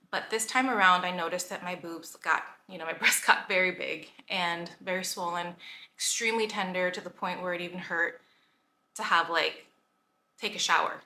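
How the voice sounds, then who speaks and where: A woman in her thirties chatting casually to camera as a vlogger, full of "like" fillers and quick laughs. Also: medium pitch, sharp tone, roomy sound.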